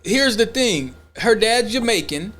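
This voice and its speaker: A man's voice: sits high, a little slow. A man co-hosting a podcast in casual opinion talk, blunt and profane, acting out imagined dialogues as he goes. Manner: animated, acts out imagined dialogues. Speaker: podcast co-host.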